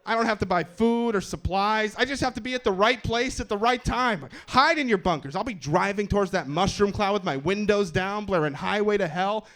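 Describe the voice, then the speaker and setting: A man doing a stand-up set on a comedy stage, self-deprecating and profane, telling his stories in an animated way. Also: high voice. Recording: live set with clear background noise.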